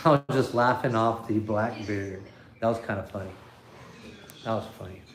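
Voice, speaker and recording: A man's voice: on the low side, normal speed, roomy sound, slight background noise. A man hosting a casual livestream from his living room, talking off the cuff into his phone and chuckling as he reads comments. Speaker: livestream host. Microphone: iPhone.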